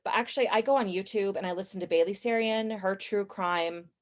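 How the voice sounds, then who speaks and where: A young adult woman chatting as a podcast guest, opinionated and talkative, with quick asides and self-corrections. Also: mid-range voice. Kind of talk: casual interview chat.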